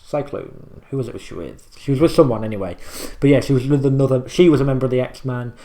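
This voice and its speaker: A man's voice: medium pitch, fast, dark tone. Rambling young man reacting. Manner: rambling, explains lines, swears casually. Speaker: reaction video host. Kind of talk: casual reaction commentary.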